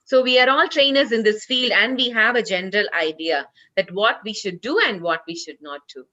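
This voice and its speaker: Bright-voiced woman trainer on a call. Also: medium pitch, moderate pace, muffled recording. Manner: earnest, repeats herself, many "you know" fillers. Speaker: corporate trainer. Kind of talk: online training session talk. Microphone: video call.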